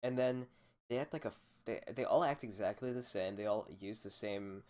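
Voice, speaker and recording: A young man rants alone into a desk microphone, swearing freely and wandering from point to point. His voice sits a little low, and his sarcasm runs through the whole monologue. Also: moderate pace, darkish tone. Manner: profane, rambling, sarcastic. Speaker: podcast host. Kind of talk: solo rant podcast.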